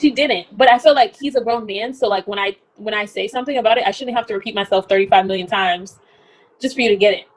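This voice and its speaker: A young woman co-hosting a casual reality-TV recap chat, talking fast and loose with lots of "like" and laughs. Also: mid-range voice. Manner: chatty, animated, laughs often, lots of "like". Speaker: podcast co-host.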